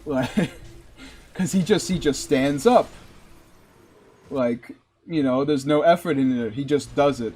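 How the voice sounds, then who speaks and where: Slow, rambling male game streamer. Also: medium pitch, a little mellow, breathy edge. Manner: rambling, heavy use of "like". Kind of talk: casual live-stream commentary.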